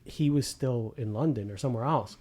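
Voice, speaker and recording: A man's voice: medium pitch, fairly quick. Male podcast host, casual and profane, acts out quotes while he tells stories. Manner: profane, animated storytelling with acted-out quotes. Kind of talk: casual chat.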